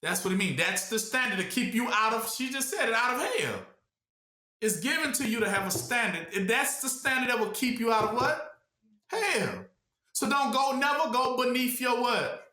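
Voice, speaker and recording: A man's voice: very high voice, animated, moderate pace, sharp tone. A man teaching a small gathering in a loose call-and-response style, firing off rhetorical questions for them to answer, in casual everyday speech. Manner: rhetorical questions, congregation fills the blank. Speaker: preacher. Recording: echoey room.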